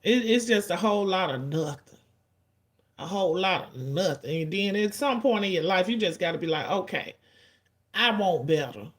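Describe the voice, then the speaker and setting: A woman, giving casual, blunt and profane commentary in an animated storytelling way. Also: on the low side, moderate pace.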